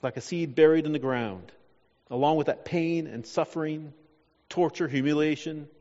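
A man preaching a sermon in a church. He preaches dramatically, pausing on key words and acting out the voices he quotes. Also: on the high side, a little mellow. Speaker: pastor. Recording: dull sound, long hall reverb.

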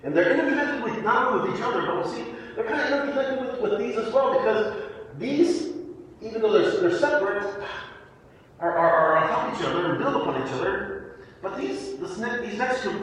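A man preaching a sermon and explaining scripture, animated, with frequent restarts and repeated words, recorded in an echoey hall from far off the mic. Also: sits high. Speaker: pastor.

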